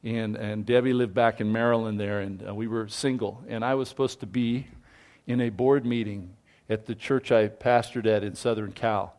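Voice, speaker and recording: A man's voice: on the low side, fairly even intonation, normal speed, darkish tone. A middle-aged man preaching a sermon as pastor, telling stories with animation and acting out the voices of people he quotes.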